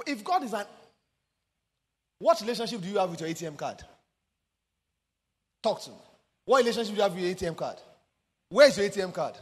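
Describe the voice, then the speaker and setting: A man preaching a sermon with passion, swinging from sung, shouted emphasis down to quiet low asides. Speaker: pastor. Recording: long hall reverb.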